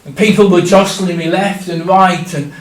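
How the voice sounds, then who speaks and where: A man telling a Bible story in the first person in a church, dramatic, swinging from loud cries to hushed tones. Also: sits high, fairly even intonation, normal speed. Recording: echoey church room, distant mic.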